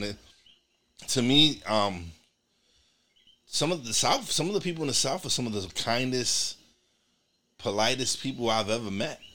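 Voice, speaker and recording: A man's voice: on the low side, bright, forceful tone. A man from New York hosting a podcast in casual chat, rambling with many restarts and repeated words. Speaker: podcast host.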